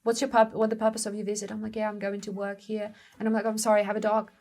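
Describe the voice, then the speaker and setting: Young woman hosting, chatty and animated, tells stories with lots of exclaiming. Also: medium pitch, racing. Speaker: co-host of a language-learning show. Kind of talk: casual conversational storytelling.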